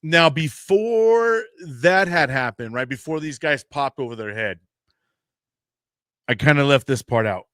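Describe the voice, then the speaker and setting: A man's voice: a little high, a little slow, clear, resonant tone, no room sound, clean studio sound. Rambling American man telling a story. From United States. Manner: rambling, animated storyteller acting out quoted voices. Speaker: podcast host. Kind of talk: casual storytelling.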